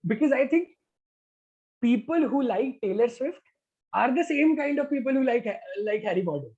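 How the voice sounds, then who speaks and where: A man's voice: very high voice, lively intonation, normal speed, warm tone. A chatty man runs a group game over a video call. He talks in an encouraging way and keeps dropping "all right" between steps. The sound is dull and lo-fi. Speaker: activity host. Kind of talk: online group activity hosting.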